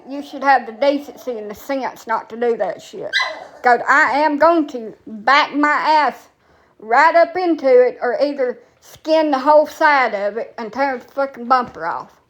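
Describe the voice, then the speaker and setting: Here a foul-mouthed woman from Alabama rants her way through a casual TikTok story. Her voice is high-pitched with a fairly bright tone, and she comes across as profane, blunt, and meandering.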